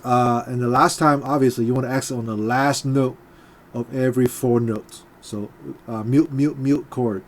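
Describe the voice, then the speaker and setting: A man's voice: medium pitch, steady tone, moderate pace, background noise. A man teaching a guitar part in a casual, hesitant way, with many fillers and beats counted aloud. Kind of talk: casual instructional talk. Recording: loud guitar playing behind. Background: guitar playing.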